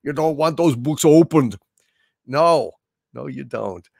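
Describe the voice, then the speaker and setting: Slow, gravelly man hosting a livestream. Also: on the high side, lively intonation, darkish tone, no room sound, studio quality. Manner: theatrical, hesitant, with fillers and restarts. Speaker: livestream host. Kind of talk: livestream chat reading donations.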